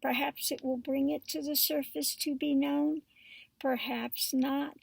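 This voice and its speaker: Woman tarot reader, crackly fry voice, takes her time, heard from across a dead-sounding room. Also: sits high, level tone, dry recording, distant mic. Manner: slow and halting, with many pauses and fillers. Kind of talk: casual spiritual talk to camera.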